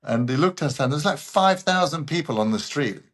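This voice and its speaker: A man telling lively stories. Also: a little high, a little fast. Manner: animated raconteur who acts out other people. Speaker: guest voice actor. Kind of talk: anecdotal interview storytelling.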